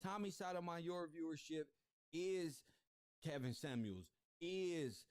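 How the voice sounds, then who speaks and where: A man's voice: fairly high pitch, slow, a little mellow, smooth, dry recording. Brash streetwise man ranting on a livestream. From South Central Los Angeles. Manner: repetitive, confrontational, streetwise slang. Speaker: YouTube commentary host. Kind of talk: livestream commentary rant.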